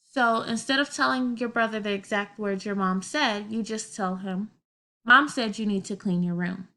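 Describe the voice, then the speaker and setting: A woman's voice: mid-range voice, moderate pace, sharp tone. A woman teaching a grammar lesson to children, explaining patiently step by step with everyday examples.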